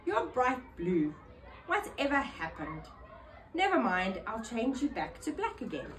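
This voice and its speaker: A woman reading a storybook aloud, putting on the voice of a cheerful, fussy female witch who talks in bright exclamations. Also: fairly high pitch, big pitch swings, unhurried, a little hiss or hum. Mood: relieved.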